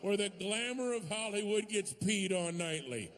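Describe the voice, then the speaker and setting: A man with a high, tenor voice performing stand-up comedy. His storytelling is animated, with sudden shouted punchlines. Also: moderate pace, a little hiss or hum. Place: comedy stage before a live audience.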